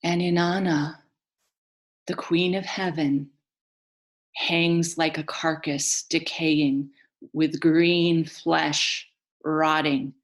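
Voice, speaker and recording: A woman telling a myth in a slow, solemn, dramatic storytelling manner. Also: low-pitched, little pitch movement. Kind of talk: mythic storytelling.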